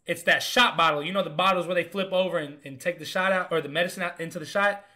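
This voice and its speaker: A young man, a comedian, telling a story in a casual, animated and profane way, with punchy lines. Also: high-pitched, quick pace. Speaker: comedian host.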